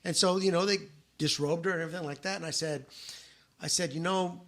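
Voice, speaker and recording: A middle-aged man with a fairly high voice tells a personal story on a casual podcast. He slips into the voices of his relatives as he goes. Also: fairly even intonation, brisk. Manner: storytelling, acts out quoted relatives. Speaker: podcast co-host. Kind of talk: casual chat.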